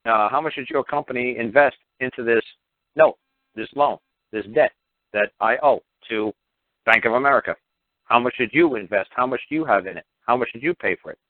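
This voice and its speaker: A blunt, profane man lectures a caller on a call-in radio show, swearing freely and hammering his points home. His voice sits at an ordinary pitch and comes through a dry, tinny phone line. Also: brisk, dry recording.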